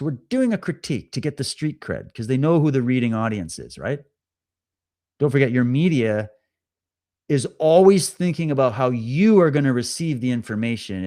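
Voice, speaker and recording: A man's voice: medium pitch, a little mellow. Sarcastic man hosting a live stream. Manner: sarcastic, mocking asides. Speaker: livestream host. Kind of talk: casual live commentary.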